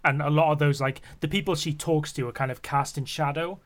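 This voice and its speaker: A man's voice: a little high, fairly even intonation, a little fast. A young man co-hosting a casual podcast chat, rambling, laughing often and swearing freely. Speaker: podcast co-host.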